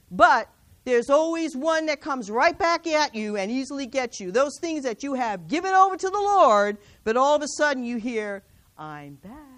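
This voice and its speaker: High-voiced woman preaching to women. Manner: exhorting, rhetorical questions, reads scripture aloud. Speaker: women's ministry speaker. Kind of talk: sermon.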